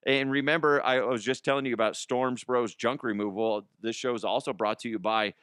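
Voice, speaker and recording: A middle-aged man hosts a comedy sports show from a studio, chatting loosely and poking fun at himself with plenty of laughs and cursing. His voice is smooth and resonant, and the sound is close and dry with no room echo. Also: medium pitch, fairly even intonation, fairly quick, a bit bright. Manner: self-deprecating, laughs often, swears freely. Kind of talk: casual comedic monologue.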